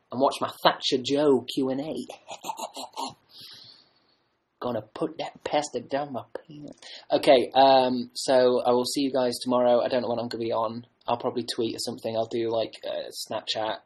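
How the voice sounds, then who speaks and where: Male livestreamer, husky voice, meandering self-mocking patter, webcam mic at home. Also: medium pitch, steady tone, normal speed, a little mellow, low-quality recording. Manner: joking, rambling, self-mocking. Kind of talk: rambling casual livestream chat.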